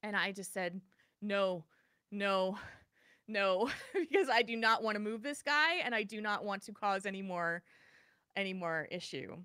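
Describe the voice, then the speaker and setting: A bright, clear woman co-hosting a podcast and telling a story in a lively, chatty way. She restarts her sentences often as she relives the moment. Her voice sounds dry and close, with no room sound. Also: medium pitch, normal speed, dry recording. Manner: animated, vivid retelling with many restarts. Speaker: podcast co-host. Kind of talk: casual storytelling.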